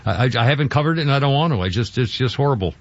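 A man's voice: mid-range voice, expressive, very fast, no echo. A man hosting a radio talk show, rambling and chuckling through casual chat. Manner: rambling, chuckling, self-interrupting. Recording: dull radio broadcast sound.

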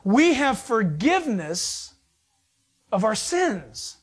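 A man preaching a sermon in a folksy, joking way, telling stories with lively energy. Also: high-pitched, slow pace, slightly rough. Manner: folksy, joking, animated storytelling.

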